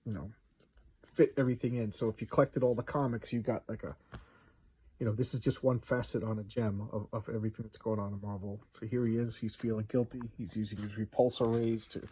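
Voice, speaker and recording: Husky man in his fifties, rambling comic-book vlogger, fond and chatty. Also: mid-range voice, a little mellow. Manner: enthusiastic, rambling with fillers and asides. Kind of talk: casual page-by-page commentary.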